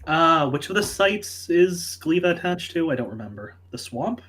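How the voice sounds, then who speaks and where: A man's voice: a little high, very animated, normal speed, a bit bright. A man playing a tabletop game in casual chat, blunt and dry, swearing casually. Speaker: player.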